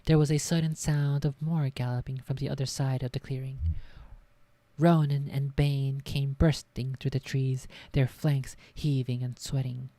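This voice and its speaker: A woman's voice: very deep voice, little pitch movement, measured pace, warm tone, no room sound. A woman streamer reading a book aloud in a casual way, swearing at her own slips. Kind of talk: casual read-aloud narration.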